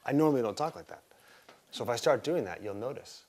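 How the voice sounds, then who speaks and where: A man leads a live herbalism class in a casual, enthusiastic way, stopping to quiz his students. His voice sits at an ordinary middle pitch for a man, and his pace is relaxed and conversational. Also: fast talker. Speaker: herbalism teacher.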